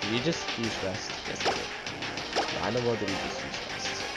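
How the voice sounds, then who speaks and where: A man commenting on a video game he is playing, joking, muttering quietly to himself, then bursting out loud. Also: fairly low pitch, fairly quick. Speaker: let's play commentator. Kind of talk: gameplay commentary. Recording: loud game music behind.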